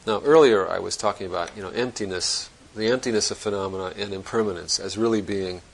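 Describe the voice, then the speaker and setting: Male Zen teacher with a low, gravelly voice, giving a searching dharma talk in a reflective way. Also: fast, slight background noise, rough recording. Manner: reflective, searching, conversational with restarts.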